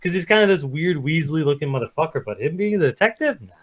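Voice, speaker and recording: Male co-host, quick and blunt, casual podcast chat, slightly high voice. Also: expressive. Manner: fast, blunt, casual with swearing. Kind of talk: casual movie review chat.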